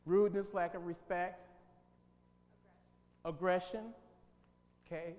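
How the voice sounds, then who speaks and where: A man's voice: high-pitched, fairly even intonation, normal speed, long pauses, a little mellow. A man leading a team-building workshop, talking with emphasis and quizzing his audience. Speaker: workshop leader. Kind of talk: interactive workshop talk. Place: church hall. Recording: long hall reverb, faint hum.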